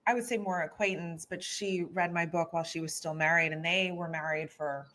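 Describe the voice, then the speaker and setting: A woman's voice: on the low side, fairly even intonation, fairly quick, sharp tone, slight background noise. A middle-aged woman from Philadelphia, a guest author talking candidly and earnestly about her own experience, often restarting her sentences. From Philadelphia, USA. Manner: earnest, storytelling, frequent restarts. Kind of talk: candid personal conversation.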